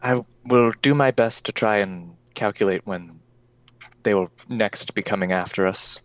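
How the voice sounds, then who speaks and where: A man playing a tabletop game, answering in a measured, thinking-aloud way. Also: fairly low pitch, no echo. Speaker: player.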